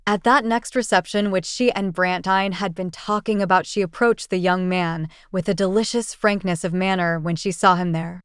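A woman narrating a classic short story in a measured, even audiobook reading. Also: on the low side, clean tone, dry recording, clean studio sound.

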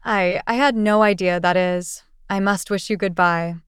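A woman's voice: mid-range voice, steady tone, normal speed, smooth, no echo, studio quality, natural voice. A woman doing a stammering shy rich man. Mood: flustered. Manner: stammering, hesitant.

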